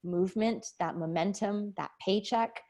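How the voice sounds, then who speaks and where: A woman's voice: medium pitch, a little slow, darkish tone. A woman in her forties, a nurse and podcast guest, telling her story candidly and with feeling in a casual interview. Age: 40s. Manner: candid, emotional, laughs often.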